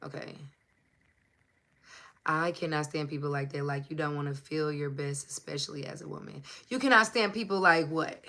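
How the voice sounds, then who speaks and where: A bright, forceful woman talks into her phone at home in a casual livestream pep talk. She is passionate and emphatic, drives points home by repeating them, and swears freely. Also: deep voice, normal speed. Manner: emphatic and repetitive. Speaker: motivational channel host. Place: at home under a hot light.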